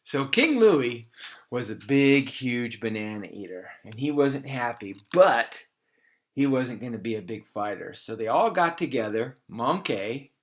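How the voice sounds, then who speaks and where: A man telling an improvised children's story in an animated, playful way, slowing down to stress words. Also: mid-range voice. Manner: animated, playful, slows for emphasis.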